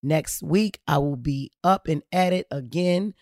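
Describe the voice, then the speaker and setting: A man's voice: a little high, unhurried, dry recording, clean studio sound. A man hosting a podcast, talking bluntly and profanely in a casual monologue. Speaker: podcast host.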